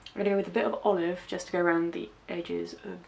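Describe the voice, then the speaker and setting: Chatty young woman with a gravelly edge. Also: lowish voice, flat delivery, quick pace. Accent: West Country English. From West Country, England. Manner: chatty, self-deprecating, narrating each step. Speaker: makeup vlogger. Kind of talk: casual makeup tutorial chat.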